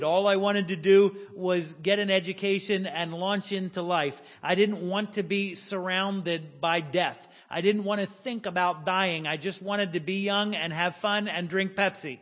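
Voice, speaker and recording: High-voiced preacher in his forties. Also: steady tone, fairly bright tone, big-room sound. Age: 40s. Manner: storytelling with humor, slows for emphasis. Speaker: pastor. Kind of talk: sermon.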